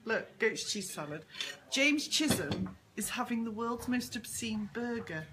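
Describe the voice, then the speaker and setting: A woman's voice: a little high, expressive, measured pace, very noisy. A woman hosting a casual live stream from a pub, chatty and giggly as she greets viewers and jokes with her guest. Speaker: host and author.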